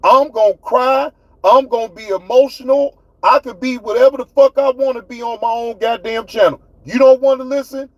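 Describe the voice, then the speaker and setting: A man's voice: very high-pitched, fairly even intonation, normal speed, muffled recording. A man with hosting his own livestream, ranting at his chat in a fiery, profane way. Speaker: livestream host. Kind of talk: heated livestream rant.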